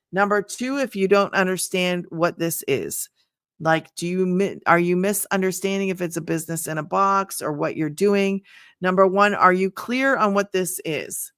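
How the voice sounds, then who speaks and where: A woman's voice: lowish voice, a bit bright, clean tone, dry recording, studio quality. Chatty woman hosting a live stream. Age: older. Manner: chatty, repeats herself, thanks viewers by name. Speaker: livestream host selling an online business program. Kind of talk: casual livestream sales talk.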